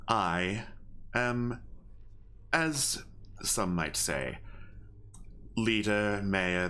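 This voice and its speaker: A man voicing a giant owl who leads a town, speaking slowly, formally and coldly. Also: low-pitched, fairly bright tone. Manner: slow, measured, formal.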